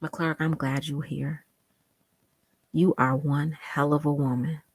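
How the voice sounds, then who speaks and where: A woman with a notably low voice hosts a casual live stream, reading viewer comments aloud. She speaks with impassioned emphasis, repeating phrases to drive them home, and at times sinks to a hushed near-whisper. The sound is dry and close, with no room echo. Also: level tone, slow, breathy edge. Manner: drops to a hushed near-whisper when moved. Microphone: home desktop setup with monitor.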